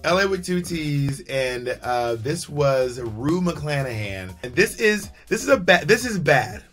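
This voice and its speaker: A man co-hosting a casual TV review chat, talking in an animated, sassy and brash way. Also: on the high side, a little slow, soft background music. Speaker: co-host of a TV review show.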